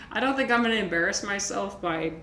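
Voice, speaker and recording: A woman's voice: mid-range voice, bright, forceful tone. A woman streamer, chatting casually with viewers in a rambling way, full of fillers and restarts. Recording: echoey room with faint noise.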